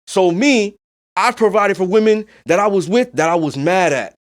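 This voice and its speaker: A man's voice: high voice, lively intonation, normal speed. A man hosting a podcast in a casual monologue. He talks bluntly and emphatically, swears freely, and keeps checking in with "you know what I'm saying.". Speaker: podcast host.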